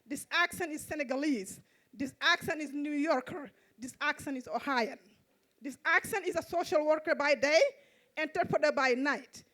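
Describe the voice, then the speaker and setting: High-voiced Mauritanian woman reciting a poem. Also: fairly bright tone. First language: Fulani. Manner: measured, repetitive rhythmic delivery. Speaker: poet and event host. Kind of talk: spoken-word poem on stage. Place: outdoor arts festival stage.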